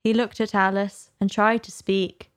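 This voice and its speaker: A woman narrating a storybook aloud in a measured, unhurried way. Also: medium pitch, level tone. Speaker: audiobook narrator.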